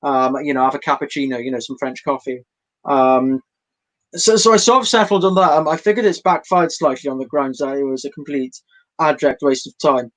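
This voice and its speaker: A man's voice: a little high, normal speed, poor audio. A young man doing a meandering, self-deprecating stand-up set at home for an online showcase, full of fillers and restarts. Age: young adult. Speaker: stand-up comedian.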